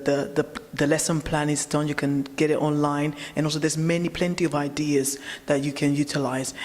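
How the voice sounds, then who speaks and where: A woman's voice: low-pitched, long reverb tail. A young woman from Spain, a language teacher answering interview questions earnestly, often repeating words as she searches for them. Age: young adult.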